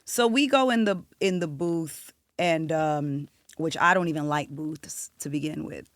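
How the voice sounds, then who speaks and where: A young woman from South Florida, a singer-songwriter telling a story as a podcast guest, animated and profane. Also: deep voice, measured pace, no echo. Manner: animated, profane, acts out quotes. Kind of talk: casual storytelling interview.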